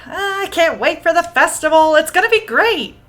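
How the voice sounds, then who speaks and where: A woman's voice: extremely high pitch, animated, measured pace, a bit bright, soft background music, voice pushed up, exaggerated voice. A woman reading the lines of a feisty, blunt teenage schoolgirl in a sassy, pushy way.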